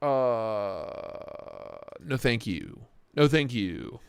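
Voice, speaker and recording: A young man hosting a casual knife livestream from his home office, excitable and joking as he reacts to chat. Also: mid-range voice, drawn-out words, creaky, smooth, dry recording. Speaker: livestream host reviewing knives. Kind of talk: casual live-stream chat.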